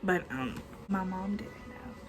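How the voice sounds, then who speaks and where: A woman's voice: fairly low pitch, slow, music in the background, poor audio. A woman in her twenties telling a personal story to her vlog audience in a chatty way, swearing freely and filling her talk with "like". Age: 20s. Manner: chatty, swears freely, many filler likes. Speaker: storytime vlogger. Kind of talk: casual storytelling.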